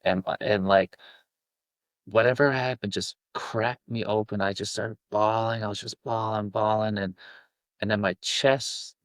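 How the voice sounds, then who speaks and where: A man, a guest coach, telling a deeply personal story, halting and full of restarts and fillers. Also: fairly even intonation, dry recording. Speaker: self-love coach, guest.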